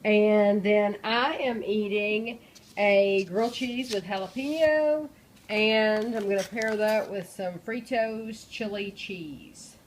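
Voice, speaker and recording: A middle-aged woman chatting casually in a home vlog, pausing often with ums as she shows things. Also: mid-range voice. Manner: chatty, hesitant with many ums. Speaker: vlogger. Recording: faint background noise.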